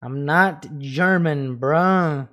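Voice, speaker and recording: Talking very slowly in a fairly high, somewhat bright voice, this man is hosting casual livestream chat. Jokes, frequent swearing, and bits of fake foreign phrasing fill his talk, with laughter popping up between lines.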